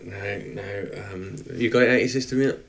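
A man's voice: on the low side, steady tone, moderate pace. A man co-hosting a wrestling podcast in casual chat, rambling and joking, with lots of ums and restarts. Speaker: podcast co-host.

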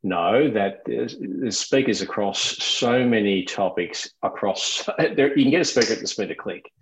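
A man hosting a podcast interview, speaking in a measured way as he praises his guest. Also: fairly low pitch, background noise. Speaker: podcast host. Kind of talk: interview chat.

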